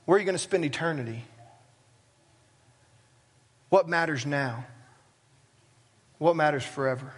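A man's voice: fairly high pitch, measured pace, pauses often, slightly rough. A man preaching a sermon as pastor, talking plainly and conversationally with self-deprecating asides. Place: church sanctuary.

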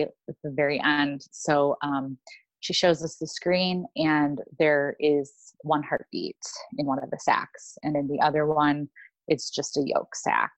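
A woman's voice: sits low, no room sound. A young woman telling a personal story in casual chat, with many fillers and restarts. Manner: rambling, lots of fillers and restarts. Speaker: podcast guest.

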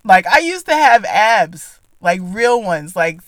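A woman's voice: mid-range voice, big pitch swings, takes it slowly, no room sound. A woman hosting a podcast in casual, playful chat, joking in slang and laughing often. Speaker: podcast host.

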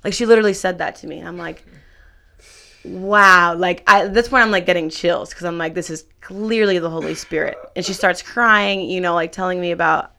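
A woman's voice: fairly low pitch, fast, gravelly, few pauses. A young woman casually telling a faith story, acting out quoted dialogue with lots of "like". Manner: animated, acts out quoted dialogue, many "like"s.

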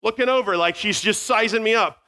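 A man telling a funny story to an audience, animated and self-mocking, acting out sounds, with a small mic near his beard. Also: high-pitched, fairly quick.

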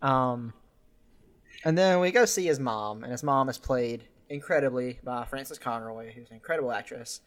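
A mid-range male voice at a moderate pace recaps a film scene by scene on a casual podcast. Lively throughout, he frequently breaks into laughter and voices the characters' lines himself.

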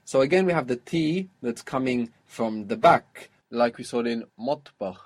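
A man's voice: medium pitch, lively intonation, a little slow. A man teaching a one-on-one lesson, explaining patiently and repeating words for the learner. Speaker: Arabic teacher.

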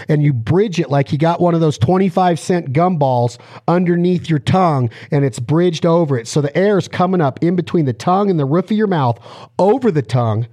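Jokey, high-ish male podcast host, dry close sound, animated teaching. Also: a little fast, dry recording. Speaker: podcast co-host and duck caller. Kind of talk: casual podcast explanation. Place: driving in a car.

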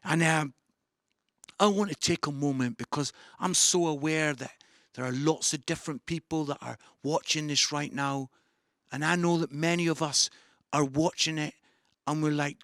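Brief: male pastor, high-set voice, bright and forceful, enthusiastic sermon delivery. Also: moderate pace, no room sound, clean studio sound. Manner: enthusiastic, swings between excited outbursts and soft pleading. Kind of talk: sermon to an online audience.

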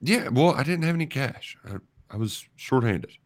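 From a studio, a young man co-hosts a sports radio show, rambling casually and leaning heavily on "like" and "you know." His mid-range voice has lively intonation and a moderate pace, captured on a studio microphone.

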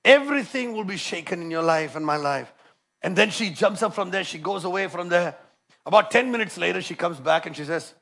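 A man preaching a sermon with passion, moving between loud emphatic lines and quieter storytelling. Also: high-pitched, expressive, a little fast, creaky.

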